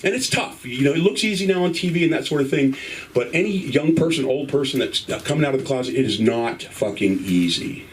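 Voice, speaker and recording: A man's voice: medium pitch, lively intonation, fairly quick, distant mic. A middle-aged man telling a profane stand-up story on a club stage and acting out the other voices in it. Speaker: stand-up comic. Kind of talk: stand-up set. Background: live audience.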